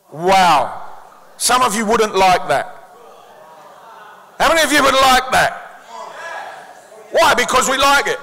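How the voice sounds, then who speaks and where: Cockney male pastor, high bright voice, lively call-and-response sermon, echoey church. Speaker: senior pastor. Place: church hall with a congregation.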